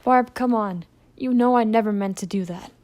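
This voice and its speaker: A woman's voice: fairly high pitch, moderate pace, a little mellow, dry recording, lightly acted. A woman voicing a desperate, pleading male imp boss in a fan audio drama.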